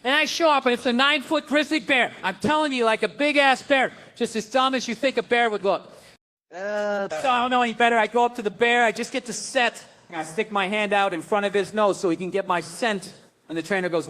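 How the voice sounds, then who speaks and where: A man with a high-pitched voice performs a stand-up routine on stage. He tells an animated story and slips into the voices of the people in it. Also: brisk. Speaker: stand-up comedian.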